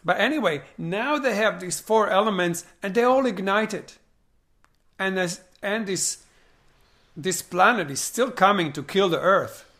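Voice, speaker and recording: Retelling a film scene in conversation, this man speaks in a high-pitched voice at a slightly slow pace. He's eager and animated, voicing the characters and posing many rhetorical questions.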